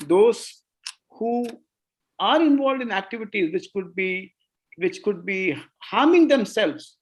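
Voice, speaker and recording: A doctor on a panel discussion, measured and listing points one by one. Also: medium pitch, low-quality recording. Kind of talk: expert explanation.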